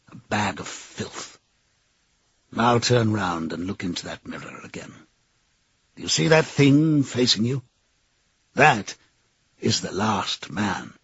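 A man reading the part of a cold, menacing middle-aged interrogator who speaks slowly and deliberately. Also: fairly low pitch, a bit bright, breathy edge, no echo, dull audio, full character voice.

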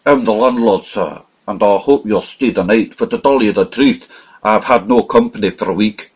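A man's voice: lowish voice, normal speed, husky. A man reading the part of an earnest, bookish young male innkeeper who speaks politely and eagerly, in a storybook reading. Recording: slightly muffled lo-fi recording.

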